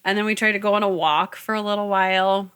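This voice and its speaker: A woman's voice: mid-range voice, fairly even intonation, quick pace, fairly bright tone, smooth. A young woman co-hosting a podcast, telling a story in casual chat. She rambles with lots of fillers and laughs as she goes. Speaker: podcast co-host.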